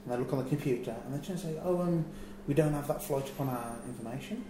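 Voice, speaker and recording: A man's voice: medium pitch, rapid-fire. A man recounts a trip gone wrong, slipping into the voices of the people in the story. His voice sits in a middle register. The room is echoey, with a faint hum of ambience behind him. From England. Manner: animated storyteller, acts out quotes. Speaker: wrestler telling a road story. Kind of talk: casual anecdote.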